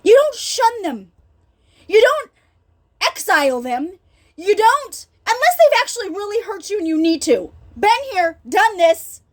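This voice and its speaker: Very high-voiced, earnest middle-aged woman. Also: very animated, measured pace. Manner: earnest, emphatic, addresses listeners directly. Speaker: healing ministry speaker. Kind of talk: personal faith talk.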